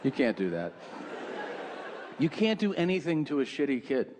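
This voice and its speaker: Profane stand-up comic in a club. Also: male voice, medium pitch, very animated, normal speed. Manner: profane, exaggerated storytelling with acted-out quotes. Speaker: stand-up comedian. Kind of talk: stand-up comedy set. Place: comedy club stage with live audience. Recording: live club recording with crowd noise.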